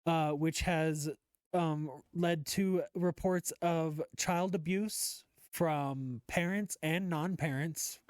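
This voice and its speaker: A woman's voice: low-pitched, takes it slowly, dry recording, clean studio sound. A young woman co-hosting a casual podcast, laughing and swearing freely as she tells a story. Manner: giggly, animated, swearing freely. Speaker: podcast co-host.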